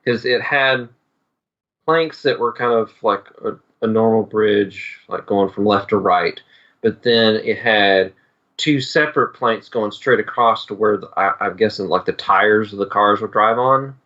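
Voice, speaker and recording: Low-voiced rambling podcast guy. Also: unhurried, sharp tone, muffled recording. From Texas. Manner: rambling storyteller, many fillers. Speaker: podcast co-host. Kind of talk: casual chat.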